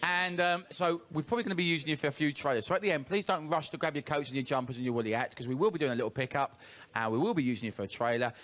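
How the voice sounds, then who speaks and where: A man warming up a TV studio audience with cheeky, teasing jokes. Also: a little high, racing. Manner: cheeky, joking, lively and teasing. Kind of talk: audience warm-up patter. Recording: noisy studio crowd. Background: studio audience laughing and cheering.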